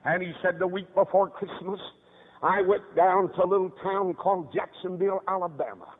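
Fervent preacher on a tinny tape. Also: male voice, steady tone, moderate pace. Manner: fervent, swings from hushed storytelling to high shouted cries. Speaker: evangelist preacher. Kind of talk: old-time revival sermon.

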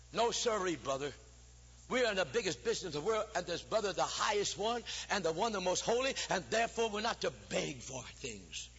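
An older man delivers a folksy Baptist sermon in a high, bright voice that swoops up and down as he tells jokes and stories. His tone is a little husky, and the lo-fi recording carries a long church reverb. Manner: folksy, humorous storytelling with chanted preaching cadence. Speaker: preacher. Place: church sanctuary.

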